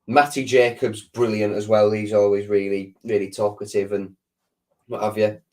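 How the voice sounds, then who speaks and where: A fairly low-voiced man talks loosely on a live stream, his throat sore. He rambles, stops and restarts, and answers viewers in a casual way. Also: level tone, normal speed, darkish tone. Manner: rambling, lots of restarts and ums. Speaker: football fan channel host.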